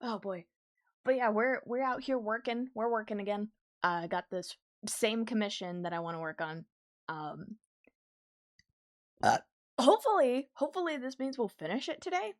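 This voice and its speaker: A young woman streamer chatting casually with her viewers while she draws, easily excited and quick to laugh. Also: a little high, no room sound, clean studio sound. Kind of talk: casual livestream chat while drawing.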